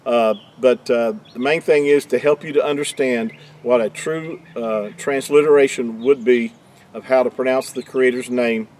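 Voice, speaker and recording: Male teacher, mid-pitched, halting delivery with frequent restarts, explanatory tone. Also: fairly even intonation, a little mellow. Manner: halting, restarts mid-sentence, many fillers. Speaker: religious teacher.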